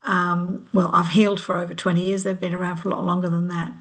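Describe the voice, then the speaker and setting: A woman's voice: lowish voice, level tone, quick pace, fairly bright tone. A middle-aged woman, a healer, sharing reflectively on a video call in a hesitant way with many ums. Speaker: healer, workshop participant. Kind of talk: casual sharing.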